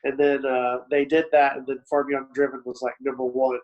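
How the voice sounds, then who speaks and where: A man's voice: medium pitch, little pitch movement, moderate pace, dull audio. Man with a mild Texan accent. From Texas. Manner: reflective, laughing easily, with frequent fillers. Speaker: podcast co-host. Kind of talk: casual chat.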